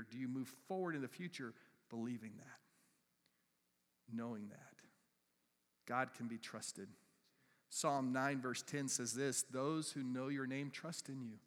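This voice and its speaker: A male pastor preaching a sermon, swinging between loud emphatic bursts and hushed, soft passages. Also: mid-range voice. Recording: reverberant church hall.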